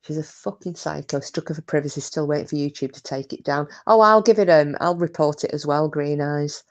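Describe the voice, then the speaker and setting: A woman's voice: low-pitched, brisk, hardly any pauses. A woman hosting a live stream, chatting casually, reading out comments and talking bluntly with plenty of swearing. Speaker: livestream host.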